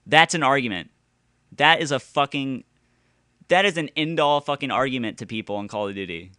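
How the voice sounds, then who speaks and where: Angry man ranting, voice smooth and dry. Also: mid-range voice, lively intonation, a little fast, dry recording. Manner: exasperated, with sudden loud outbursts. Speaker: gaming video ranter. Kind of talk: profane angry rant.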